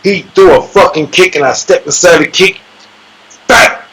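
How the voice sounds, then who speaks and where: A man, an MMA fighter guest in an interview, telling a sparring story in a casual, profane, animated way and acting out voices and sound effects. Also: on the high side, a little fast, husky, poor audio.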